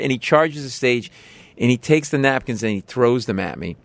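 A man's voice: medium pitch, fairly quick, no echo. A middle-aged man telling a casual story, acting out voices as he goes. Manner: animated, acts out voices in his story.

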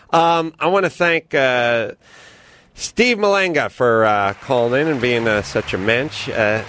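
A man hosting a podcast, chatting casually and reading ads in an animated, profane way. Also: mid-range voice, slow pace, no room sound. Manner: animated, swearing, does voices. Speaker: podcast host. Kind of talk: casual comedic chat and ad reads.

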